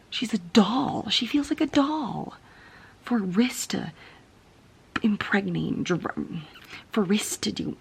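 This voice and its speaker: A woman's voice: lowish voice, vocal fry, slight background noise. A young woman vlogging about a book she is reading, tired and venting in a frustrated, often whispered late-night rant. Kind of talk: casual reading vlog.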